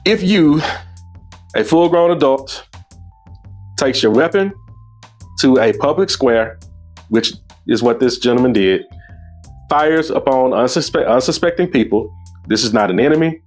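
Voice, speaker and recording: A male host talks over a clip in a mid-pitched voice, emphatic and scornful, and his pitch climbs when he is indignant. Faint music runs underneath his commentary. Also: animated, measured pace, long pauses.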